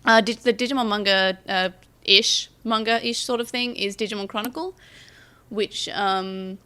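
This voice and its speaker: A woman's voice: mid-range voice, steady tone, measured pace, sharp tone, clean tone. A woman co-hosting a fan podcast in casual chat, often restarting her sentences. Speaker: podcast co-host.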